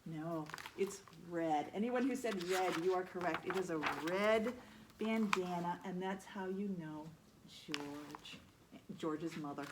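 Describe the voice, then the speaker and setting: A woman librarian leading a children's story time, reading aloud in an animated way with a Midwestern American accent and asking the children questions. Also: fairly low pitch, noisy background.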